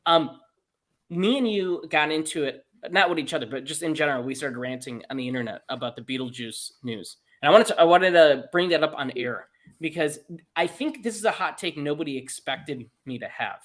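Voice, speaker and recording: Jokey guy co-hosting a movie podcast, kinda high voice, laughs a lot. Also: expressive, fairly quick, a bit bright. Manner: upbeat, jokey, laughs often. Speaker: podcast co-host. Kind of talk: casual chat.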